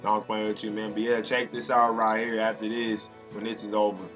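A young man doing casual, loud and slangy commentary over his own video game play. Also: on the low side, flat delivery, brisk, faint music behind. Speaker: gaming commentator. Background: game crowd noise.

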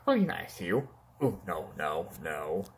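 A man's voice: sits low, huge pitch swings, takes it slowly, a little hiss or hum, heavily acted. A man voicing a boastful, whiny male clown villain in a toy-figure fan play, pleading and taunting by turns and yelping in pain.

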